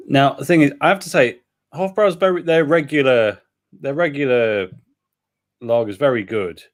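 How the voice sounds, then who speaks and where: A British man co-hosting a beer live stream, rambling and self-deprecating, often trailing off quietly. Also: mid-range voice, normal speed. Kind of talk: casual chat.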